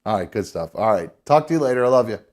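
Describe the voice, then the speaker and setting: A man's voice: on the low side, animated, rapid-fire, darkish tone. A man hosting a live call-in show, talking casually with lots of swearing and restarts. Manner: profane, rambling, with restarts.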